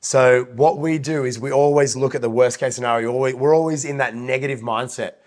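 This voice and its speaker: A man's voice: medium pitch, fairly even intonation. Blunt, swearing man, nasal. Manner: blunt, heavy swearing, fast advice-giving. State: nasal, slightly hoarse. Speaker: podcast co-host and coach. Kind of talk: casual podcast chat.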